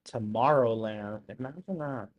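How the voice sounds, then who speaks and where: Live-stream host, casual reaction commentary, mid-pitched voice, excitable with sudden loud outbursts, chatty asides to the chat. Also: unhurried, lo-fi sound. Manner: excitable, bursts into loud exclamations; chatty, apologetic asides to viewers.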